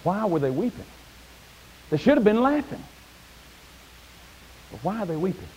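A man preaching a sermon in a church, folksy and plain-spoken, climbing to high shouted peaks. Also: big pitch swings, normal speed, slightly rough, low-quality recording. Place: church sanctuary.

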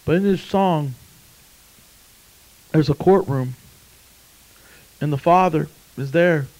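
A man delivers a sermon in a high voice. He drops to a hush while telling a story, then climbs to fervent shouts. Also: slow pace, poor audio. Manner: impassioned, swings from hushed to shouting. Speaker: preacher.

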